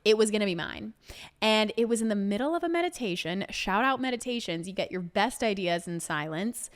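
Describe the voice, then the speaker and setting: A young adult woman hosting a solo podcast, telling a story in a casual way, swearing and saying "like" and "literally" often. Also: brisk. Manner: animated, acts out quoted people with big pitch jumps. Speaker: podcast host.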